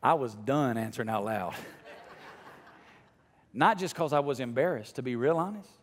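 A middle-aged male pastor preaching a sermon to his congregation, dropping to a hush and then rising almost to a shout. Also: medium pitch, lively intonation, measured pace, big-room sound. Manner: swings from hushed to near shouting. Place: church sanctuary.

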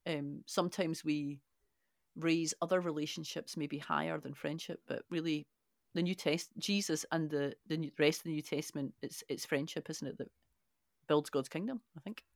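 A woman's voice: sits low, steady tone, normal speed, creaky, no echo, clean studio sound. A woman co-hosting a Bible discussion, speaking tentatively and restarting her sentences as she thinks. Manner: tentative, hesitant, with many restarts. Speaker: co-host. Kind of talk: casual discussion.

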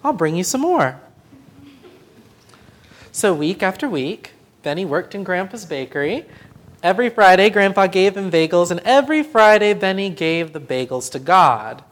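A storyteller reading a children's picture book aloud in a slow, expressive voice that turns hushed in places. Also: mid-range voice.

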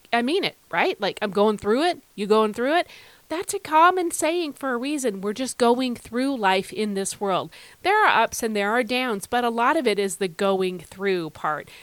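A woman's voice: fairly high pitch, a bit bright, no room sound. Earnest woman podcast host, dry sound. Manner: earnest, conversational, asks listeners direct questions; slows down to read verses with emphasis. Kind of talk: devotional podcast talk.

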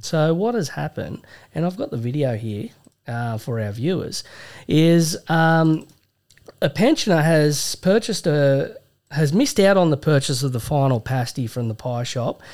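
A man's voice: fairly high pitch, lively intonation, a little slow, darkish tone. A young Australian man co-hosting a podcast, laid-back and swearing freely as he chats. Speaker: podcast co-host. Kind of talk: casual banter.

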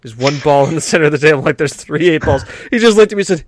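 Brief: male podcast co-host, raised pitch, rambling and profane, laughs a lot. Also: expressive, rapid-fire, no echo, clean studio sound. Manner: rambling storyteller, swears freely, laughs often. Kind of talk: casual chat.

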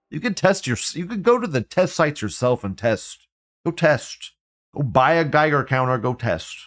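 A man's voice: medium pitch, lively intonation, moderate pace. A man hosting a live show, reading viewer comments aloud and reacting in a blunt, profane, ranting way. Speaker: livestream host.

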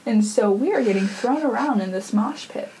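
A woman's voice: a little high, moderate pace, dark tone, slight background noise, rough recording. A young woman hosting a podcast, telling a story in a chatty, casual way full of fillers and laughter. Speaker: podcast host.

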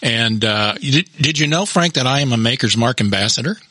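Husky, bright man hosting a podcast. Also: medium pitch, animated, fairly quick, no echo. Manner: jokey, frequent affirmations. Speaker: podcast co-host. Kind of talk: casual chat.

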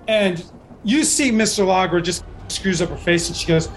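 A man's voice: sits high, moderate pace. A man running a tabletop game as game master, narrating scenes and explaining the rules.

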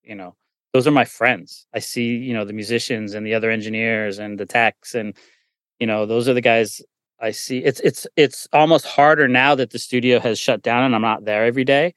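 Middle-aged man, casual anecdotes, many fillers, mid pitch, dry close recording. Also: steady tone, moderate pace, fairly bright tone, no room sound. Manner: rambling, with many "you know"s and restarts. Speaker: recording and mixing engineer, guest. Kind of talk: casual storytelling in a conversation.

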